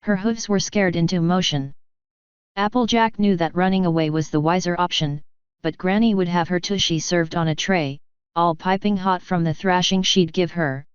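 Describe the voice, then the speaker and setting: Smooth low-voiced woman narrating a story. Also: no room sound. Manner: measured, dramatic narration. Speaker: fanfiction reader. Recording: slightly dull lo-fi recording.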